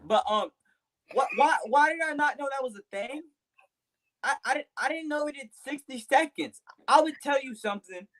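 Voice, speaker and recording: A man's voice: very high voice, animated, moderate pace, fairly bright tone. A young man, the host's son, stammering and joking defensively in a casual family chat. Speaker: son of the host.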